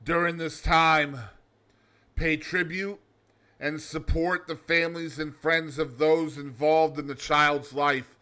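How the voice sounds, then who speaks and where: Loud, bright-voiced showman host. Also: on the high side, little pitch movement, slow pace. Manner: loud, showy, over-the-top alter-ego persona. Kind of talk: comedic daily show monologue.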